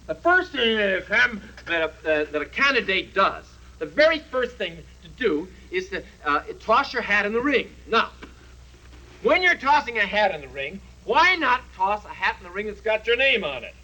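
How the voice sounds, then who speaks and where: TV puppet comedy: self-important dragon candidate, rambling patter, lively high pitch. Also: male voice, normal speed, exaggerated voice, low-quality recording. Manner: pompous, rambling salesman patter. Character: boastful good-natured male dragon, perennial candidate. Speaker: puppet character.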